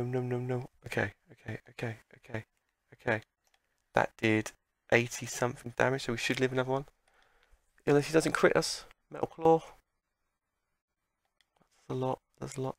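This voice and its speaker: Gravelly guy doing let's play commentary, gets worked up and yells at the game, dry close mic. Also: mid-range voice, normal speed, pauses often, no echo. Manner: excitable, talks back at the game. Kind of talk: gameplay commentary.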